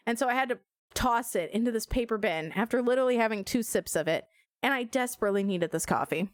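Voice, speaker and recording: Animated young woman streamer, dry close sound. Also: on the high side, fast, clear, resonant tone, no room sound. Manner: animated, swearing, laughing storyteller. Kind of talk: casual storytelling while playing a game.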